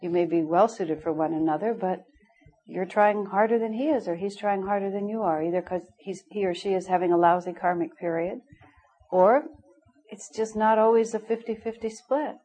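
A woman's voice: mid-range voice, normal speed, dark tone, low-quality recording. A middle-aged woman teaching a spiritual class, telling candid stories with frequent laughter. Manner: candid, storytelling, laughs often. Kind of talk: informal spiritual class talk.

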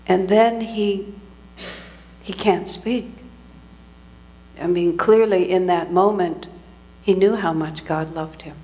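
A woman's voice: medium pitch, slow pace, pauses often, a little mellow. A woman giving a sermon as a spiritual teacher, telling a story reflectively and often restarting her sentences.

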